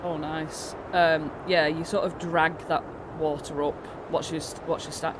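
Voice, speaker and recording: A woman's voice: deep voice, little pitch movement, a little slow, background noise. A British woman narrating as the dungeon master of a tabletop game, rambling through descriptions with many fillers and restarts. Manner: meandering, full of fillers and restarts.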